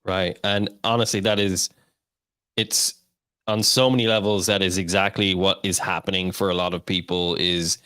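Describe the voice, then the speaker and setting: A man's voice: low voice, level tone, moderate pace, pushed and bright, clear, resonant tone, no room sound. Male interview host, resonant voice, dry sound, loose and rambling with lots of fillers. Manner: rambling with many fillers and laughs. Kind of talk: casual interview talk.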